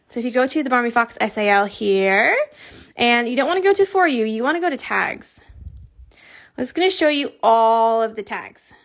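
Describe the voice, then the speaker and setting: Chatty encouraging woman, slightly high voice. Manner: chatty, encouraging, many fillers, mutters asides under her breath. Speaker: cross-stitch designer hosting a stitch along. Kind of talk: casual chat while showing her screen.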